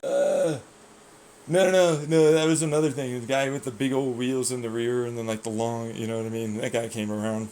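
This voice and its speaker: A man's voice: medium pitch, brisk, slight background noise. A young man animatedly telling racing stories in casual chat, swearing and laughing often. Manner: animated, swearing, laughing often, quoting people in mock voices. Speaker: racer.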